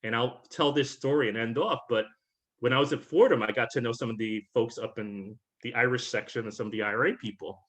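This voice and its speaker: A man's voice: medium pitch, a little fast, fairly bright tone. A man from Puerto Rico, speaking as a guest on a webinar, reflective and conversational, often checking in with "right?". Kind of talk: webinar talk. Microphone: video call.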